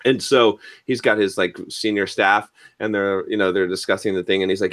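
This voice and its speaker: This podcast host's voice sits on the low side, fairly bright with fairly even intonation, and he talks briskly with few pauses. In a casual, dry-sounding chat, he rambles through stories packed with fillers.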